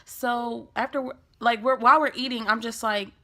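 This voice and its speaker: A young woman tells a story from her own life in a lively vlog, slangy and casual. Her voice is bright and sharp with plenty of gravelly fry. She acts out the lines she quotes as she goes. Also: on the high side, moderate pace. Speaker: vlogger.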